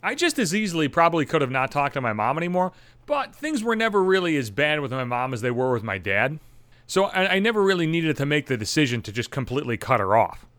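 A man's voice: fairly high pitch, very animated, quick pace, fairly bright tone, no room sound. A young man hosting a solo podcast, ranting bitterly and sarcastically with heavy swearing. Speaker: podcast host.

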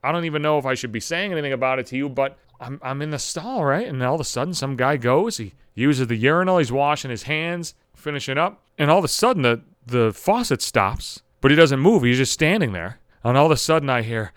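A man hosting a solo podcast, telling a rambling, heavily profane story in an animated way. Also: medium pitch, fairly quick, few pauses, clear, resonant tone, no echo, clean studio sound. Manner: rambling, heavy swearing, animated retelling. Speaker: podcast host.

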